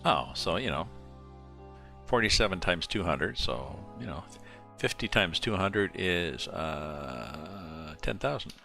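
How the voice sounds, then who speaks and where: Very deep, gravelly male game streamer. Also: lively intonation, pushed and bright. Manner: thinks aloud, mumbling asides and working sums out slowly. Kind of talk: casual live-stream commentary while playing. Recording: music playing clearly behind the voice. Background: background music.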